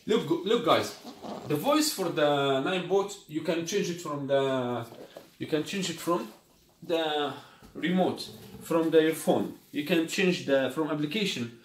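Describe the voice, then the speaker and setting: This product reviewer, a man with a fairly high, animated voice, takes his time demonstrating a scooter in a relaxed unboxing. Arabic is his first language, so his English is non-native, and he often asks "you got me?". The space is echoey, with faint noise.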